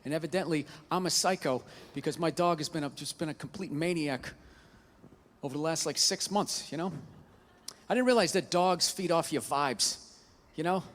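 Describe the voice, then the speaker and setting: A man's voice: on the high side, moderate pace, a bit bright, long reverb tail. A male stand-up comedian ranting in an exasperated, profane way during a live routine.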